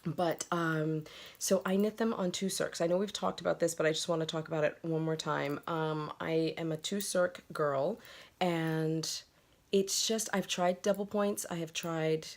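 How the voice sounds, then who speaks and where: A woman's voice: sits low, steady tone, unhurried. Woman, knitting vlog host, casual home chat, giggly and filler-heavy, camera mic, drifts in and out of frame. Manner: chatty, giggly, full of fillers and asides; drops to a whisper while handling things. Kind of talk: casual video podcast chat. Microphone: camera mic, moves around off camera.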